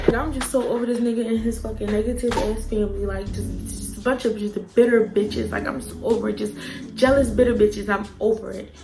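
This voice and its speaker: A woman's voice: on the high side, fairly quick, creaky, over music, poor audio. Profane woman telling a storytime vlog. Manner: blunt, profane, animated retelling with quoted outbursts. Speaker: vlogger.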